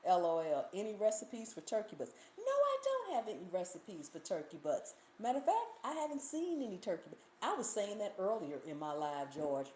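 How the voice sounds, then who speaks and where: A woman's voice: mid-range voice, wildly swooping pitch, fairly quick, few pauses, darkish tone. Chatty woman hosting a live cooking Q&A. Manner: chatty, folksy, reads viewer comments aloud. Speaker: cooking channel host. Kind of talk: live stream Q&A chat. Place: Pennsylvania home. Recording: echoey room with faint ambient noise.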